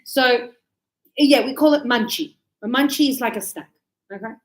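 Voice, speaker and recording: A woman's voice: a little high, moderate pace. A middle-aged woman with an Australian accent, teaching an English grammar lesson live and acting out little examples as she explains. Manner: lively, explains with acted examples. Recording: echoey room.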